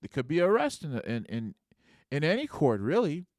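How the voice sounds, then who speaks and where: A man's voice: a little high, huge pitch swings, normal speed, darkish tone, dry recording, clean studio sound. A man hosting a podcast who talks casually and keeps checking in with rhetorical "right?" asides. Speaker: podcast host.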